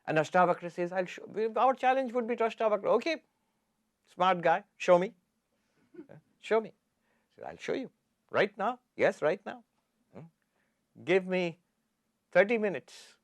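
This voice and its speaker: A man delivers a spiritual lecture as a visiting monk. His voice sits at an ordinary middle pitch and sounds dry and close to the microphone. He chants Sanskrit lines slowly, then explains them with lively asides. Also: no room sound.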